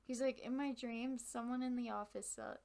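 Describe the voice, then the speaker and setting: Brief: young woman co-host, giggly and animated, fry in the voice, casual chat. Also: on the high side, moderate pace, a crowd in the background. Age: young adult. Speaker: podcast co-host.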